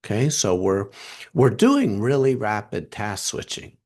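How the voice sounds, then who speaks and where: A man teaching a workshop over a video call, animated, posing questions and answering them himself. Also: on the low side, a little slow, creaky. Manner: animated, asks and answers his own questions. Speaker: trainer.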